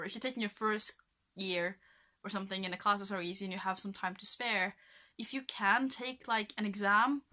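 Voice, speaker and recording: In a rambling vlog filmed to camera, a young Norwegian woman chats casually, filling her speech with "like" and "um". She has a medium-pitched voice with a bright, forceful tone.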